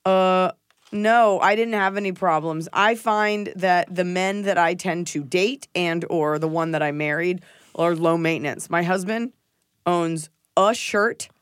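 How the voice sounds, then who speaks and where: A woman's voice: lowish voice, unhurried, clear, resonant tone, dry recording, clean studio sound. A woman hosting a comedic podcast, chatting in a playful, jokey, rambling way. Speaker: podcast host. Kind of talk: casual comedic podcast chat.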